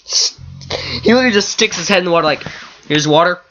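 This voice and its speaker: A man's voice: sits high, animated, racing, sharp tone, lo-fi sound, slight background noise. A man casually retelling a story from an online game, rambling with lots of "like" fillers and restarts.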